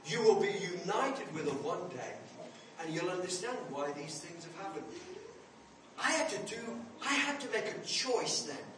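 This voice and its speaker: A man's voice: high-pitched, big pitch swings, normal speed, distant mic, noisy background. Older male preacher in an echoey hall. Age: 70s. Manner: earnest storytelling, swelling to emphatic. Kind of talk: sermon.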